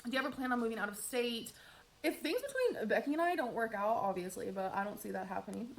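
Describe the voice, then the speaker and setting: An upbeat woman talks her viewers through a makeup routine in a casual get-ready-with-me vlog. Her voice is a touch high for a woman. She slips in dry, sarcastic jokes between steps. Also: animated, fast. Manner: chatty and upbeat, with wry sarcastic asides. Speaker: beauty vlogger.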